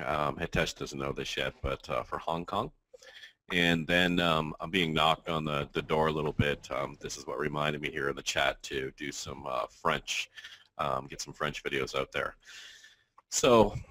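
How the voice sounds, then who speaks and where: A man with a very low voice talks loosely on a webinar, padding with ums and short laughs. The sound is dry and close. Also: a bit bright, no echo. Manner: rambling, many ums, quick laughs. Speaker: company co-founder, help desk. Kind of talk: webinar chat.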